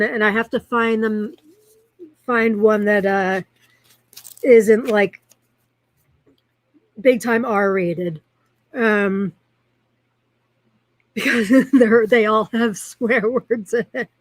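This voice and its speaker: A woman hosts a live stream, chatting in a loose, rambling way and reading viewer comments aloud as she goes. Her voice sits a touch higher than most. The sound is dry, with no room echo. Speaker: host of a live-streamed chat show. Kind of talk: casual live-stream chat.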